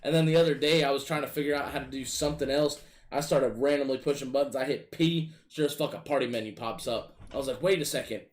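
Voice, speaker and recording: A man casually telling gaming stories in a profane, animated, exasperated way. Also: medium pitch, quick pace, hardly any pauses. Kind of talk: casual storytelling chat.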